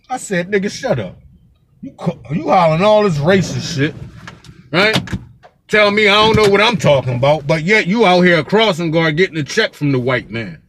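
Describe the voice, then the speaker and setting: A man's voice: high voice, animated, normal speed, fairly bright tone. A man from Pennsylvania giving a fiery, profane street vlog rant as a local commentator, with the same curse repeated throughout.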